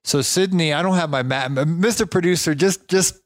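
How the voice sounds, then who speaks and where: A man's voice: a little high, brisk, no room sound. A man from Georgia, hosting a casual interview podcast in a chatty, self-deprecating way with frequent restarts. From Georgia, United States. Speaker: podcast host.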